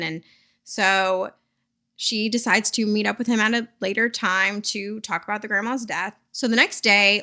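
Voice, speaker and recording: A woman's voice: mid-range voice, bright, forceful tone. A woman in her thirties, chatting casually and giggling as she recaps a book while she crochets at home. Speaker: crochet vlogger.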